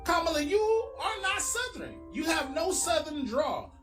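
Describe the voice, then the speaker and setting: A woman's voice: high voice, very animated, normal speed. A woman giving blunt, slangy reaction commentary, sounding exasperated. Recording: distant mic with loud music behind.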